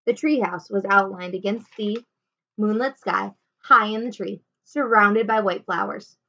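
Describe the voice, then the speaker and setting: A woman teacher reading a children's chapter book aloud at home, with expressive delivery. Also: mid-range voice, a little slow, gravelly, lo-fi sound. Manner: expressive, animated. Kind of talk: storybook read-aloud.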